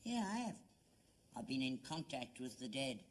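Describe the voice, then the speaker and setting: A man's voice: mid-range voice, sing-song, moderate pace, background noise, natural voice. An older man with a London Cockney accent, acting an elderly father in a sitcom, earnest and stubbornly defensive. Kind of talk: 1970s British sitcom acting.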